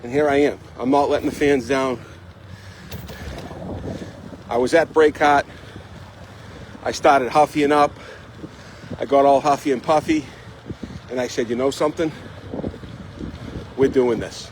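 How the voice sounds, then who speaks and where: This vlogger chats casually on a live stream as he bikes outdoors, mid-range and fairly even in intonation, speaking at a measured pace with frequent pauses. He rambles, leans on "you know," sounds a bit out of breath, and wind pounds the phone mic.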